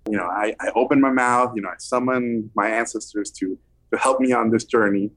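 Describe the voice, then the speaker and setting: A man recounting an anecdote as an interview guest, lively and animated, acting out the people he quotes. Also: on the low side, fairly quick. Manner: animated, acts out quoted voices. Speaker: film director guest. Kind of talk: anecdotal storytelling.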